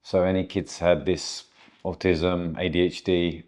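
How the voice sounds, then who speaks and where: Low-voiced man asking interview questions. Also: little pitch movement, measured pace, darkish tone. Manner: brief encouraging prompts. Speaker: podcast host.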